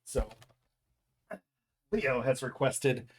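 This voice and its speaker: Streaming a game, this man talks in an extremely slow, husky voice of medium pitch and steady tone. His casual live-stream chat includes reading dad jokes out loud, with frequent self-corrections and chuckles at his own humor.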